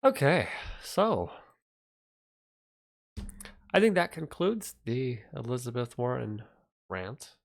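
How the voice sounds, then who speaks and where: A man's voice: medium pitch, very animated, slow, vocal fry, pauses often. A man chatting casually on his livestream, mumbling and thinking aloud as he fixes his audio at a desk microphone.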